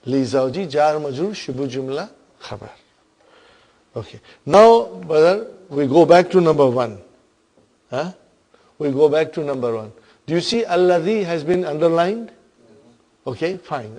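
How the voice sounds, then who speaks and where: A man's voice: on the high side, lively intonation, normal speed, darkish tone. A man teaching an Arabic grammar class, patiently explaining terms and often checking that his students follow.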